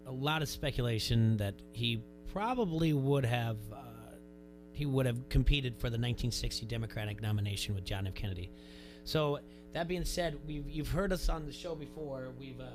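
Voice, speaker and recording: Chatty male sports radio host. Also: medium pitch. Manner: rambling, restarts sentences, reads posts aloud. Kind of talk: casual radio chat.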